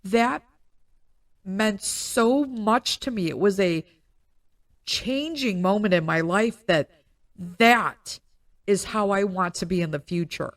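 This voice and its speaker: A woman's voice: medium pitch, takes it slowly, pauses often, dry recording, studio quality. A woman podcast host in her thirties telling a personal story in a candid, emotional monologue, often near tears. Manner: emotional, tearful storytelling with frequent fillers. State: crying.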